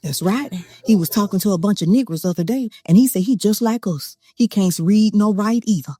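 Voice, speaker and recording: A woman's voice: mid-range voice, fairly quick, mellow, no room sound, studio quality, lightly acted. A woman playing a sly old drawling Southern gossip. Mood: gossipy. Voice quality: thick drawl, folksy dialect. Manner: chiding, sly, mock-cautious. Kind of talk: comedy sketch.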